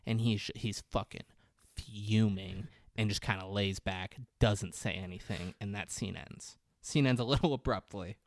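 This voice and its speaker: A man co-hosting a podcast, casually retelling movie scenes in an animated storytelling way. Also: on the low side, unhurried, dry recording. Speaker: podcast co-host.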